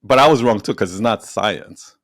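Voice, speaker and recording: Man, casual interview guest, gravelly low voice, dry close sound, lively storyteller. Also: moderate pace, dry recording. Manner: animated storyteller, acts out quotes, laughs often. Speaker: podcast guest, entrepreneur and storyteller.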